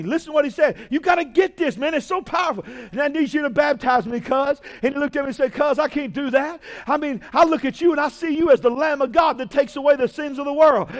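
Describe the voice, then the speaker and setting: A man preaching a fiery sermon, shouting and drawing out key phrases and calling out to the congregation. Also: very high-pitched. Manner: shouting, drawn-out emphatic preaching with call-outs to the congregation.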